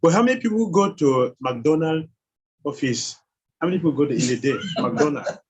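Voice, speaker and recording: A man's voice: on the high side, animated, moderate pace, slightly rough, muffled recording. A man teaching a scripture class who keeps quizzing his listeners with questions and chuckles as he goes. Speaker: spiritual teacher.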